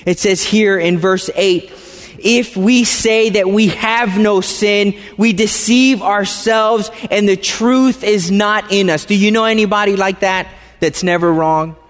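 A man with a high voice preaches to a congregation, leaning on repeated phrases and direct questions to the room. His words ring out with a long reverb, as in a large church hall. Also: steady tone, unhurried. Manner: conversational, asks the congregation questions; emphatic, repeats phrases for stress. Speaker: pastor. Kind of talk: sermon.

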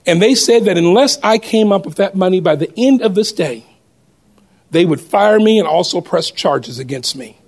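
A man voicing a distressed young mother who works as a bank teller, speaking in a quiet, weary tone close to his own voice. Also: sits high, expressive, moderate pace, slightly rough, heavily acted. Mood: anxious.

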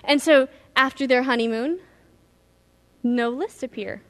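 Woman pastor, earnest and emphatic sermon, high pitch, storyteller. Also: measured pace, fairly bright tone.

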